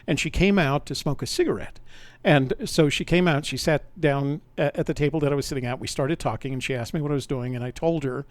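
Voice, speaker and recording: A man's voice: on the high side, fairly quick, no room sound. An older man, a podcast host, telling a personal story in a rambling, conversational way, often correcting himself mid-sentence.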